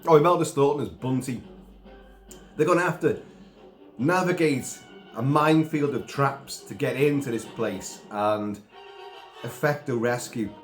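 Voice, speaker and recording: A man's voice: medium pitch, measured pace, pauses often, roomy sound, faint music behind. A man, sick and coughing, giving a rambling casual film review with asides and mild swearing.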